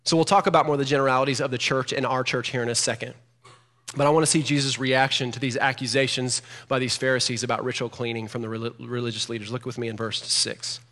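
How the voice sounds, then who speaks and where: A man preaching a sermon as pastor, animated and growing emphatic as he reads scripture aloud. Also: medium pitch, quick pace. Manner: animated, rising to emphatic loudness when quoting scripture. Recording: long hall reverb.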